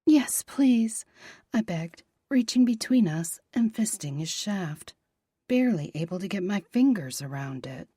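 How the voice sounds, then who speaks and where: A woman narrating a romance audiobook in a soft, breathy, half-whispered voice. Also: lowish voice, lively intonation, normal speed, dry recording, clean studio sound.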